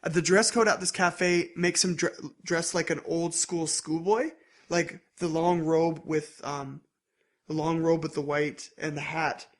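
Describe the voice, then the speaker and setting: Male podcast host, slightly higher voice, chatty and animated, drops into character voices mid-story. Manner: animated retelling, acts out character lines in quick voices. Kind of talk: casual anime recap chat.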